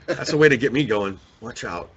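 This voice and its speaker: A man's voice: mid-range voice, fairly quick, lo-fi sound, slight background noise. A man co-hosting a casual webcast chat, joking and laughing a lot. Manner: joking, laughs often, animated. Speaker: co-host.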